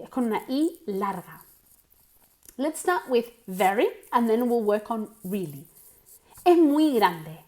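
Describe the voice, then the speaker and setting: Lively, slow-paced woman teaching pronunciation. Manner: slow, deliberate model sentences with lively pitch. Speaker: English teacher. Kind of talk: bilingual English pronunciation lesson.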